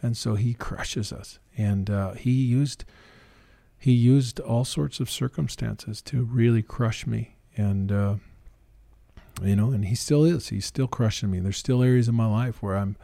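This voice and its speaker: A man's voice: mid-range voice, measured pace, vocal fry, warm tone, dry recording, studio quality. A middle-aged Canadian man and preacher, telling his story earnestly and emphatically in a casual interview, sometimes quoting others. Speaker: guest, preacher.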